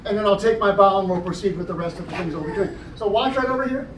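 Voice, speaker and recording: A man with a high, expressive, fairly bright voice speaks at a quick pace while juggling for a library audience, joking and explaining every trick in turn. Captured indoors by a camera in the crowd at the program room, his stage patter comes through roomy, distant and noisy.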